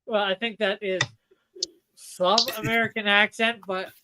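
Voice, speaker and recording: A man's voice: high-pitched, level tone, measured pace, background noise. A Canadian man hosting a casual stream, reading chat aloud and trading wry puns. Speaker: stream host.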